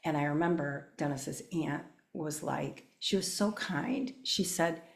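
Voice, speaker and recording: A woman's voice: deep voice, measured pace, gravelly, echoey room. An older woman, a guest specialist, telling personal stories in casual conversation and acting out the voices of people she quotes. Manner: animated, acts out quoted voices. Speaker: guest, child mental health specialist.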